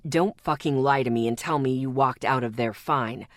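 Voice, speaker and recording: A woman's voice: low voice, normal speed, dry recording, clean studio sound, voice pushed down, natural voice. A woman doing Zeke, a growling hardened young man. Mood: low and hard. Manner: growling, clipped.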